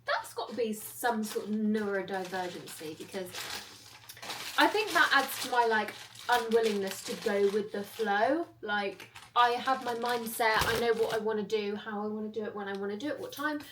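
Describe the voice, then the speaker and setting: A woman's voice: mid-range voice, animated, normal speed, far from the mic, background noise. A young woman from chatting casually to her phone camera, self-mocking and rambling as she tells stories. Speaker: vlogger. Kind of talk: casual vlog chat.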